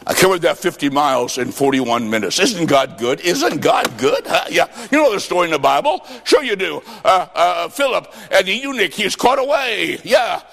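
A man preaching a revival sermon, fervent, with shouted bursts and stories told in quoted dialogue. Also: high voice, lively intonation, brisk, vocal fry, few pauses. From US Midwest. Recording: long reverb of a large hall.

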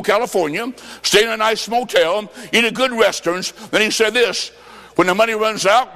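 In a large hall with a long echo, a man from Illinois in the United States delivers a revival sermon with fervent evangelistic zeal, his voice fairly high. He shouts out his points, acts out stories in quoted dialogue, and at times draws words out almost into singing.

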